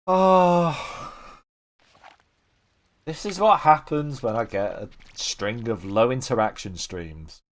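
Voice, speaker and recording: A man streaming a video game, chatting casually to his viewers, swearing, joking at his own expense and thinking out loud. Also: fairly low pitch, big pitch swings, measured pace, hardly any pauses. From Manchester area, England. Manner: self-deprecating, swears freely, thinks aloud. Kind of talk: casual rambling commentary while gaming.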